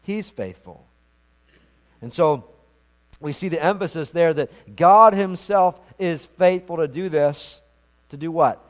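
A man's voice: a little high, slow, long pauses. A man preaching a sermon as pastor, earnest and emphatic, often repeating words as he goes.

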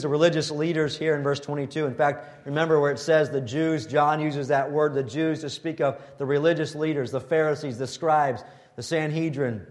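A man preaching a sermon, reading scripture and quotes, and turning animated when he voices the scoffers. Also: on the high side.

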